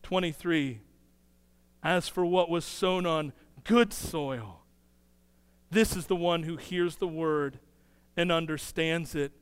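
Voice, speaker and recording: A man delivers a sermon in a high, smooth voice, slipping into quick acted-out dialogue as he tells his story. His voice carries a long reverb from a large hall. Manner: animated storytelling, acts out dialogue in quick bursts. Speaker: pastor.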